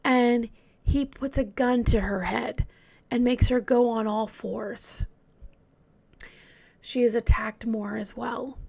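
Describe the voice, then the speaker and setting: A woman telling a true crime story in a casual, hesitant way, often dropping into a hushed whisper. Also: a little high, steady tone, takes it slowly, gravelly, long pauses.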